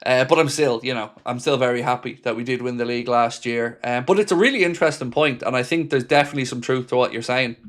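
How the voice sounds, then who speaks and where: A man's voice: mid-range voice, quick pace, hardly any pauses. A man hosting a fan live stream, chatting casually, reading viewer comments out and answering each commenter by name.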